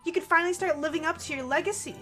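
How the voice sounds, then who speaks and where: A woman voicing a brash, bossy teenage troll girl in a loud, pushy voice with a valley-girl tilt. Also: very high-pitched, rapid-fire, soft background music, voice pushed up.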